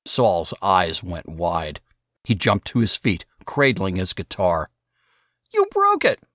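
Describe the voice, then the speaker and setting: A man narrating an audiobook in the first person, with expressive storytelling. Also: sits low, takes it slowly, no echo, clean studio sound.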